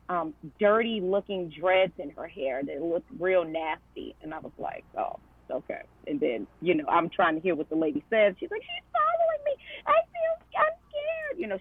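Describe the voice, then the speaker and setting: On a tinny, phone-like line with a dry recording, a woman of fairly low pitch speaks with a breathy edge. She is a guest on a podcast, telling a story conversationally, using lots of fillers and quoted speech.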